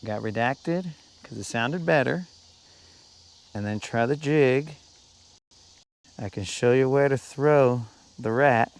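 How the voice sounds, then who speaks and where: Slow and full of vocal fry, this man speaks at medium pitch with long pauses. He's live-streaming while fishing from a lake boat, keeping it casual and chatty with his audience and throwing in "bro" a lot.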